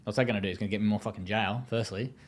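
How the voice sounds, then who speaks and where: A man's voice: lowish voice, fairly even intonation, racing. An Australian man speaking as an interview guest, telling his story in a blunt, profane, casual way with many fillers.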